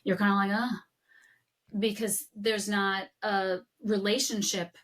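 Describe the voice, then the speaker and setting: A woman hosting a podcast, telling stories in an animated, affirming way. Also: mid-range voice, measured pace. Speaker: podcast host. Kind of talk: candid conversational interview.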